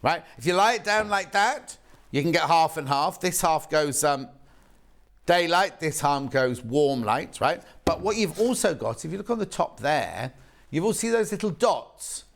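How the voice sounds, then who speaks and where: A man presenting on a shopping channel, chatting in a rambling, excitable way while demonstrating a product live. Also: on the high side, measured pace, gravelly. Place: TV studio.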